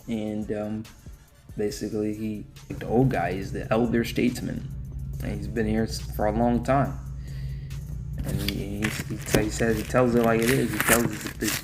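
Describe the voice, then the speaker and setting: A man's voice: on the low side, a little mellow. A young man giving a casual, rambling spoken movie review, full of restarts and offhand asides. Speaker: film reviewer.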